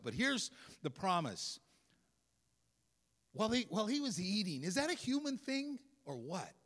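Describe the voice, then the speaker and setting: A man preaching a sermon as a pastor, talking in a conversational, animated way with asides to the congregation. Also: on the high side. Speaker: guest pastor. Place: church sanctuary. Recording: long reverb of a church hall.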